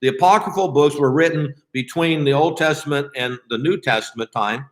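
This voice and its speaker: A man leading a Bible study in a casual, conversational way, often pausing with fillers and restarting his sentences. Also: a little high, roomy sound.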